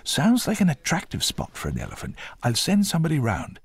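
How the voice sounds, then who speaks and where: A man voicing a brisk, chatty male desk sergeant in a storybook reading. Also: fairly high pitch, wildly swooping pitch, breathy edge, pitched above the performer's own voice, full character voice. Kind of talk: storybook voice acting.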